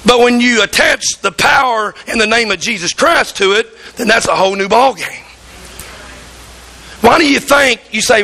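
A man's voice: very high voice, normal speed, bright, forceful tone, low-quality recording. A pastor preaching a fervent sermon in church, acting out voices in the stories he tells.

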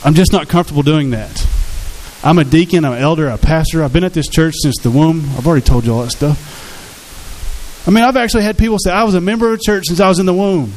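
Earnest preacher, slightly high voice. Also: male voice, quick pace, darkish tone, low-quality recording. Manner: earnest, conversational preaching with acted-out quotes. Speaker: pastor. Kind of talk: sermon.

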